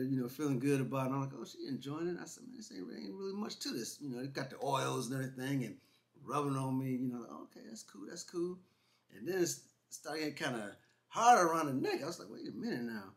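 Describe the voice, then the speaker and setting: A man co-hosting a couple's vlog, telling a funny travel story in a casual, animated way and acting out what people said. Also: medium pitch, fast talker. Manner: animated, laughing, imitates others in quotes. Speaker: vlog co-host.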